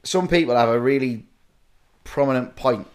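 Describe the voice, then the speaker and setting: A man's voice: medium pitch, moderate pace. A man co-hosting a podcast, telling a story with teasing banter. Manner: banter-filled, joking storyteller. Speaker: podcast co-host. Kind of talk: casual chat.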